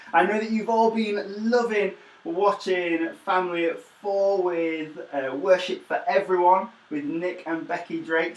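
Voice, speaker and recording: A man's voice: fairly high pitch, a bit bright, far from the mic. A man leading a children's worship livestream, telling a story in an enthusiastic, jokey, upbeat way. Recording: roomy echo.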